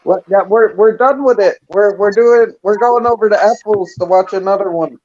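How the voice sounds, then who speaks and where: A fairly high-voiced man makes easygoing, brief remarks in casual chat. His mic sounds muffled and lo-fi. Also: moderate pace, a little mellow. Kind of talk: casual online group chat.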